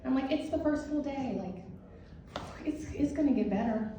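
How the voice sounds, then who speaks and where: A woman telling a funny first-person story to a live audience, animated and self-mocking in a casual way. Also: high voice, moderate pace. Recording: echoey hall, distant dull mic, faint hiss.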